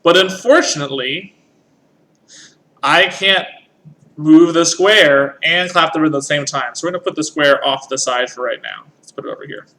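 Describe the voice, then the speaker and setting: A man's voice: fairly high pitch, normal speed, sharp tone. A man teaching a music lesson, patiently explaining rhythm and counting in. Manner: patient, counts in and sings along.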